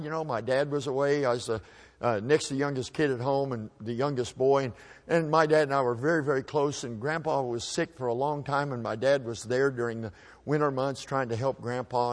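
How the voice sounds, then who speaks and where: A man at a microphone tells an audience a personal story in a plain, folksy way. His voice sits at an ordinary middle pitch for a man. He often stumbles and repeats a word before pressing on. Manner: folksy, halting, repeats words while restarting. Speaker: speaker telling a personal story.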